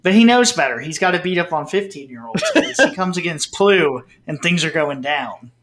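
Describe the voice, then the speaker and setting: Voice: mid-range voice, expressive, moderate pace, crowd noise. A podcast co-host in casual chat, playful and teasing. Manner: playful, teasing, laughs often.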